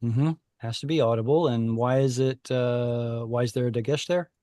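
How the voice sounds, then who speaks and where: A man teaching a Hebrew class online over a video call, explaining patiently and thinking aloud with pauses. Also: mid-range voice, fairly even intonation, warm tone, no echo, studio quality.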